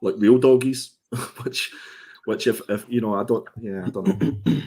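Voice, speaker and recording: A man's voice: fairly low pitch, fairly even intonation, unhurried, a little mellow, slightly rough. A man co-hosting a casual comic review show, thoughtful and hesitant, often restarting his sentences. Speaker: co-host.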